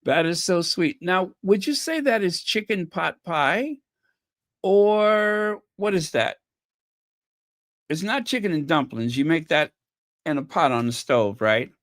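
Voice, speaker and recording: A woman's voice: lowish voice, expressive, slow pace, no room sound, studio quality. A woman hosting a fan channel livestream, chatting casually, thinking aloud and reading out viewer comments. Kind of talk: casual chat reacting to clips and viewer comments.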